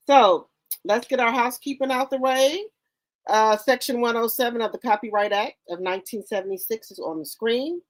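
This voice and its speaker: A woman hosting a casual livestream, greeting viewers by name in an informal, repetitive, chatty way, with features. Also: medium pitch. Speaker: livestream host.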